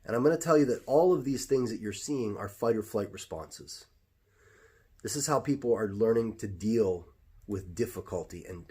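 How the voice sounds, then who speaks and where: Reflecting on life in a relaxed, conversational manner, an American jiu-jitsu instructor keeps restarting his thoughts as he gives advice. He has a husky, darkish voice that leans low.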